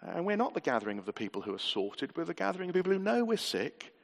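A man's voice: on the high side, big pitch swings, quick pace, vocal fry. A man preaching a sermon to a church gathering, earnest and conversational, often asking the congregation rhetorical questions. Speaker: pastor. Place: church hall. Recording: long hall reverb.

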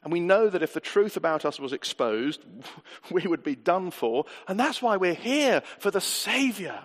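In a church hall full of long reverb, a high-pitched, very animated pastor preaches at a moderate pace. He stays earnest and conversational, repeatedly putting rhetorical questions to the gathered congregation.

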